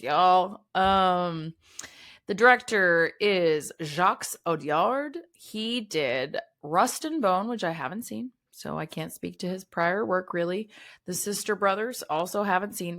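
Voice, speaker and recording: A woman, co-hosting a podcast in casual, animated chat and often saying "y'all". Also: on the low side, unhurried. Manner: chatty, animated, says "y'all". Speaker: podcast co-host.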